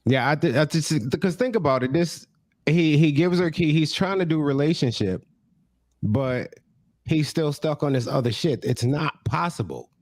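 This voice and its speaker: A man in his thirties from the American South, co-hosting a podcast in relaxed, slangy, blunt casual chat. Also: a little high, moderate pace, no room sound. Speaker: podcast co-host.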